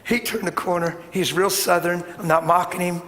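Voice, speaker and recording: A man preaching a sermon in animated, plain-spoken storytelling. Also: sits high, normal speed. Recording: echoey hall, faint background noise.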